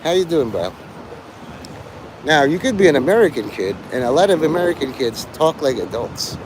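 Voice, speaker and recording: A man's voice: fairly high pitch, very animated, normal speed, background noise. A man livestreaming, rambling and teasing his chat, breaking into mock-angry, swearing rants.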